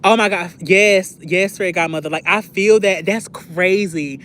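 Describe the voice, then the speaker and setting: A woman hosts a livestream, chatting casually and reacting to her viewers in a candid, confessional way full of filler words. Her voice is lowish and fairly bright, her pace moderate, with slight background noise.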